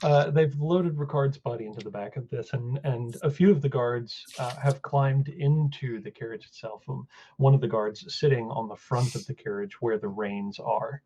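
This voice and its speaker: A man narrating a tabletop game as game master, halting, with many fillers and restarts. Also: medium pitch, warm tone, husky, dull audio.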